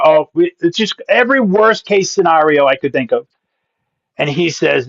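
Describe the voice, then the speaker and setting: A man from Massachusetts, a pastor and comedian, telling a story as a podcast guest with punchy comic delivery and quick asides. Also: a little high, gravelly, fairly bright tone, no echo. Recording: dull, dry sound.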